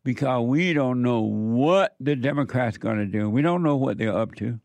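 A man's voice: medium pitch, normal speed, gravelly, a little mellow, dry recording. A man delivering an opinion monologue, repeating his warnings with heavy emphasis. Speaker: political commentator.

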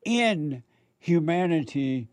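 A man's voice: on the high side, expressive, takes it slowly, a little mellow, no room sound, clean studio sound. A man hosting a call-in radio show, blunt and direct with his callers. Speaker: radio talk show host.

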